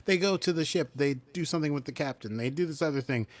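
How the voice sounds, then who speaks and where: A man's voice: a little high, fast. Man casually recapping a TV episode. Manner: animated, acts out character lines while recapping. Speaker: podcast co-host.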